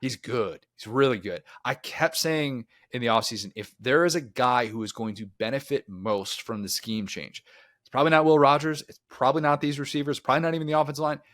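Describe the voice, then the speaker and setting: A man's voice: medium pitch, brisk, a bit bright, no echo. Man talking sports on a dry mic. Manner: rambling, talks himself into tangents. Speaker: co-host. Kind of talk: casual sports podcast chat.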